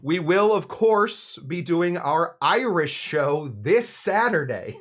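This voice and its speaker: A man hosts a live cocktail show in a casual stream chat, rambling and mocking himself with frequent fillers and restarts. His voice is on the high side and a bit bright, very animated, and he takes it slowly.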